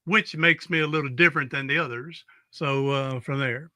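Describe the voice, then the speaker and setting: A man's voice: mid-range voice, fairly even intonation, normal speed, pushed and bright, no echo, clean studio sound. A man with a Southern US accent hosting a podcast in casual interview chat, drawling and chatty. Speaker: podcast host.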